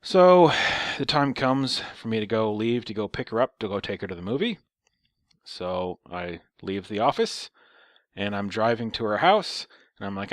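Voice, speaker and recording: A young man with a lowish voice rambles through a story, sarcastic and swearing freely. The recording is dry and close, with no room sound. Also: big pitch swings, moderate pace, no echo. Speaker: storyteller vlogger. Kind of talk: casual storytelling.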